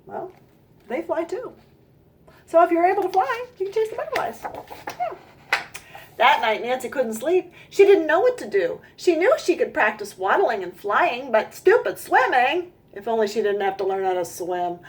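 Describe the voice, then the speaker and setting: A woman reading a children's picture book aloud in an expressive storytime voice, stopping to ask listeners questions and comment. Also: high voice, moderate pace.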